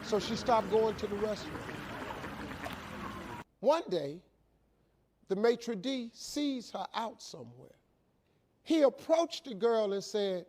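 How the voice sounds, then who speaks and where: A man's voice: sits high, lively intonation, slow, pauses often, a little mellow, slight background noise. A middle-aged man telling a folksy, emphatic, preacher-like story to a live audience as a motivational speaker.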